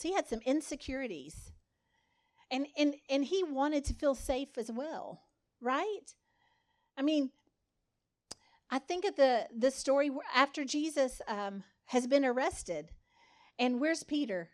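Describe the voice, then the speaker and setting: A woman's voice: sits high, darkish tone. A woman giving a conversational sermon, acting out the lines of the people in the story. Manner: conversational, dramatizes quotes with voices. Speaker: speaker.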